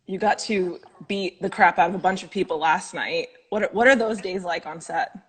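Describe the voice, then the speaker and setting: A woman's voice: fairly low pitch, moderate pace, fairly bright tone, breathy edge. A woman interviewing over a video call, asking light, teasing questions. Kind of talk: casual chat.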